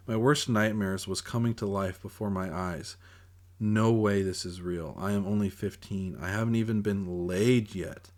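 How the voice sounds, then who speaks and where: A man reading his own novel aloud in first-person audiobook narration, in an earnest, plain way. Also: on the low side.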